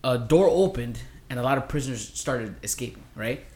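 A man's voice: medium pitch, normal speed, darkish tone. A man in his thirties, a podcast co-host, telling a long dream story with lots of restarts and asides. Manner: rambling storyteller, many restarts. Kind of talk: casual podcast chat.

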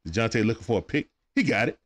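Lively slangy man streaming play-by-play. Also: fairly low pitch, quick pace. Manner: lively, slangy, greets viewers by name. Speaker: live stream commentator. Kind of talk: casual play-by-play watch-along stream. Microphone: phone.

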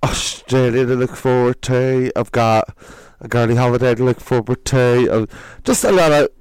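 Giggly Northern Irish man, smooth dry voice. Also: mid-range voice, a little mellow, no echo, poor audio. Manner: giggly, quick to laugh. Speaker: podcast guest, drag performer. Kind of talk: casual comedy chat.

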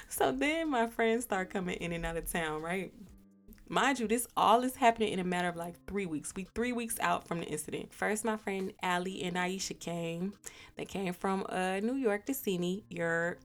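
A woman hosting a podcast, telling a personal story in a casual, animated way, swearing and laughing often. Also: medium pitch, moderate pace, faint music behind. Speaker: podcast host.

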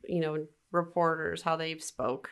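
A woman with a smooth, clear, somewhat low voice co-hosts a podcast. She explains things in a loose, conversational way, leaning on little fillers as she goes. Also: fairly even intonation, unhurried. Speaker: podcast co-host. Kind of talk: casual chat.

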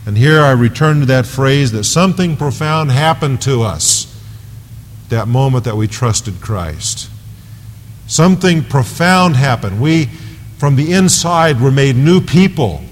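A man's voice: medium pitch, lively intonation, unhurried, a little hiss or hum. Man preaching in a reverberant hall. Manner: earnest, emphatic expository preaching. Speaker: pastor. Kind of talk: sermon. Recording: long reverb of a large hall.

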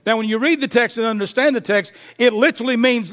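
A man pastor preaching a sermon, asking the congregation questions and dropping to a soft low voice for emphasis. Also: fairly quick, few pauses. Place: church.

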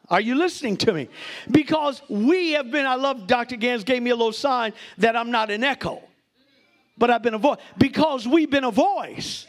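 High-voiced preaching pastor, shouting. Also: male voice. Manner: preaching with shouted peaks and laughter, talks to the congregation. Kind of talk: sermon. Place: church before a congregation.

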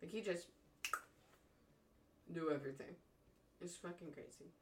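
A young woman co-hosting a casual chat, animated, laughing often and swearing constantly. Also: on the low side, unhurried, background noise. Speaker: podcast co-host.

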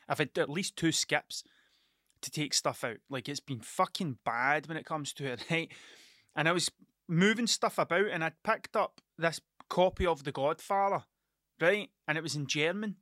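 A man's voice: fairly high pitch, animated, normal speed, bright, forceful tone, dry recording, studio quality. A middle-aged man, hosting a casual solo podcast and telling rambling, sweary stories that keep restarting themselves. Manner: rambling, sweary, self-interrupting storytelling. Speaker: podcast host.

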